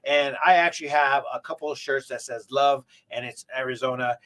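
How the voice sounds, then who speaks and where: A man's voice: medium pitch, fairly even intonation, fairly quick, sharp tone. A man co-hosting a local morning show in casual chat, rambling and restarting with lots of fillers. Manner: rambling, repeats words, many fillers.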